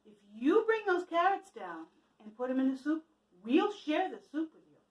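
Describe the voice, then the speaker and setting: A weary, hungry traveler, put on by a woman, who talks politely and coaxes folks into sharing. The voice sits high and moves a lot. It is heard from a distance in a roomy space. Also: sing-song, normal speed. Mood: coaxing. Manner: polite, coaxing. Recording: echoey room from a distance.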